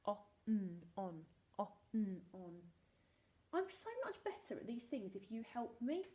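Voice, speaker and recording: A woman's voice: mid-range voice, very animated, unhurried, mellow. A woman teaching a recorded phonics lesson to young children, sounding words out letter by letter in a playful, sing-song way and pretending to need their help. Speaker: primary school teacher.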